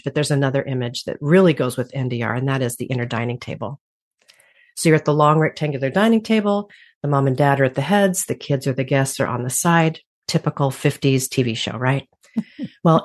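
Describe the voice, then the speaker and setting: A woman guest in an interview, speaking reflectively and laughing often. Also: extremely low pitch. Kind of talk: conversational interview.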